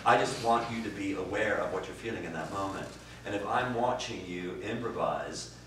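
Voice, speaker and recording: A man teaching improv, answering interview questions in an animated way, swearing and swinging from quiet musing to loud bursts. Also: sits low. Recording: distant roomy recording with faint noise.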